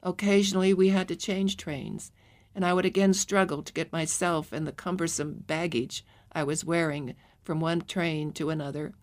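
A woman narrating a memoir audiobook in a measured, calm reading. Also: sits low.

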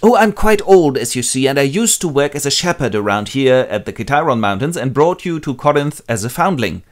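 A man's voice: mid-range voice, very animated, fairly quick, voice pushed up, natural voice. A man voicing a chatty old shepherd who works as a messenger. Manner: breezy, loud.

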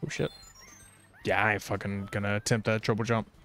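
A man's voice: on the low side, little pitch movement, brisk, a bit bright, faint music behind. A man streaming a video game, grumbling and swearing in a rambling, irritable running commentary. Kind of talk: casual gameplay streaming commentary.

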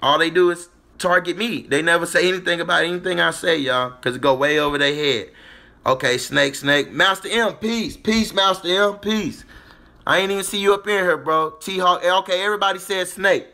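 Here a livestream host speaks at normal speed in a high, steady voice that is bright and forceful. He wanders through a loose monologue, addresses his chat, and keeps falling back on "you get what I'm saying."

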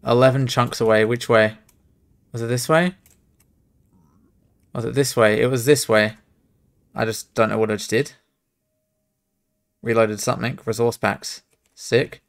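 Speaking at an unhurried pace with a steady tone, vocal fry, and long pauses, a young man of medium pitch streams his speedrun. He talks to himself throughout, muttering and occasionally exclaiming at the game.

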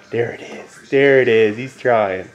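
A young man filming a casual home vlog, talking to his baby sons indoors and slipping into high sing-song baby talk. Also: roomy sound, dull audio. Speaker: vlogger and father.

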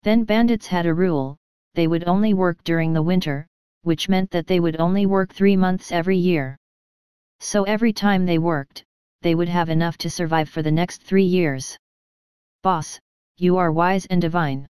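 Crisp low-voiced woman narrating. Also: normal speed, warm tone, no echo. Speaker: audiobook narrator. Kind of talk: scripted narration.

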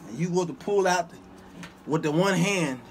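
A man's voice: sits high, moderate pace, a little hiss or hum. A man hosting his own show, telling comic stories to viewers with frequent laughter and asides to the chat. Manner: animated, laughs often, talks back to viewers. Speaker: show host. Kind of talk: comedic storytelling to a live chat.

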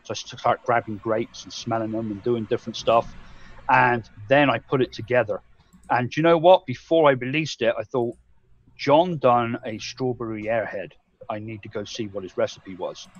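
A man's voice: medium pitch, moderate pace, lo-fi sound. An English man co-hosting a casual live-stream chat, rambling and swearing freely as he acts out his own thoughts. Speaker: co-host.

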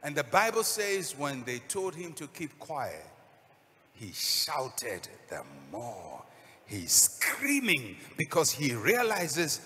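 A man's voice: on the high side, wildly swooping pitch, takes it slowly, bright, forceful tone, in a large hall, a little hiss or hum. A man preaching a sermon as a pastor, telling a story dramatically and acting out the voices.

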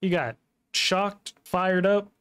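A man hosting a gaming video, commenting excitably as he plays, talking to himself and his viewers and shouting at the game. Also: high voice, takes it slowly. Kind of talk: let's-play commentary. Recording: loud game noise behind the commentary.

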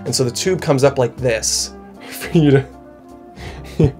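A man's voice: mid-range voice, takes it slowly, darkish tone, soft background music. Rambling young man vlogging to camera. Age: young adult. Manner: rambling and self-mocking, with frequent laughs and restarts. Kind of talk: casual chat to camera.

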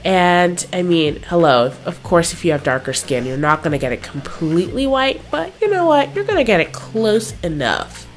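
A woman's voice: fairly low pitch, big pitch swings, normal speed, few pauses. A young woman with a stuffy, nasal voice from being sick, chatting casually through a makeup tutorial with lots of fillers. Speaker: makeup vlogger.

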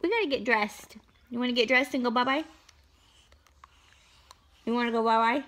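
A woman's voice: a little high, moderate pace, fairly bright tone. A young mother, playfully coaxing her toddler to say words in a casual home vlog. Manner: sing-song baby talk, playful and coaxing. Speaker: vlogger, mother.

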